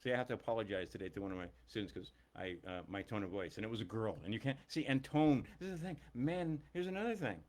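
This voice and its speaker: Animated middle-aged man ranting. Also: fairly low pitch, fast talker, few pauses. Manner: emphatic, blunt and profane. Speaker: teacher. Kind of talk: ranting monologue.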